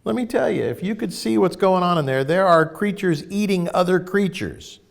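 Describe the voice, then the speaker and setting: A man teaching in a casual spiritual talk, emphatic and animated as he tells stories. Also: high voice, normal speed, creaky.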